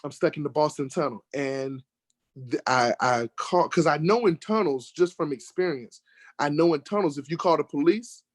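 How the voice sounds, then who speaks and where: An American man telling a lively road-trip story in casual conversation, getting worked up when he acts out arguments. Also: fairly high pitch, moderate pace, no echo. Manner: animated storyteller, rising sharply when acting out arguments. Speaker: guest telling a travel story. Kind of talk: casual storytelling in an online talk show.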